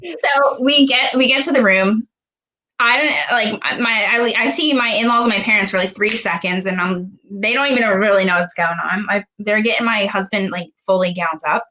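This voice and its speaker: A young woman recounts a personal story as a podcast guest. She talks fast and chatty, with many "like" fillers, at a mid pitch. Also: pushed and bright, muffled recording.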